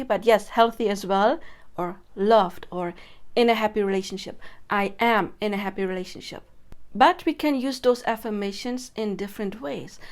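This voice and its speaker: A young woman coaching viewers on affirmations in a chatty, casual way, laughing often. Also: medium pitch. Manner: chatty, laughs often, demonstrates chants and loud incantations. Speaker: manifestation coach. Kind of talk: casual teaching to camera.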